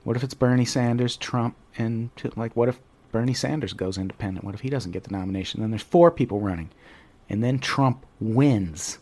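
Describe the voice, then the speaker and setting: A man's voice: mid-range voice, brisk, a little mellow. A male podcast co-host talks in casual chat. He is earnest and swears freely.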